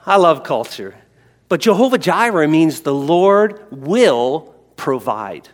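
A pastor preaching to his congregation, his voice sitting a little high for a man. He swings from loud, animated bursts to hushed storytelling. The sound carries a long reverb from a large hall. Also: takes it slowly. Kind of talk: sermon.

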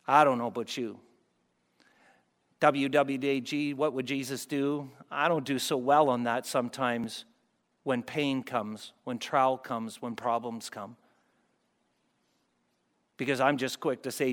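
A man preaching a sermon as pastor, moving between loud fervent peaks and hushed, soft passages. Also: a little high, unhurried. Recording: long hall reverb.

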